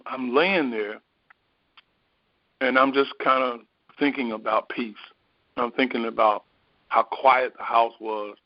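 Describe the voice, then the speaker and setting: A man speaking as a spiritual teacher tells a personal story, unhurried and meandering, frequently pausing on fillers. His voice is medium-pitched, and the recording is dry, dull, and lo-fi with no room sound.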